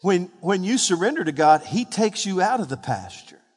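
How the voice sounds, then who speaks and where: A man preaching a sermon, calling on the congregation to respond and rising to loud, emphatic peaks. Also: sits high, big pitch swings, moderate pace. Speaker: pastor. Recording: hall reverb.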